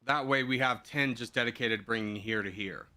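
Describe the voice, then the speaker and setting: Bright-voiced man streaming a game. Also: medium pitch, normal speed. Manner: muttering to himself while building, answering chat. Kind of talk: casual gameplay commentary.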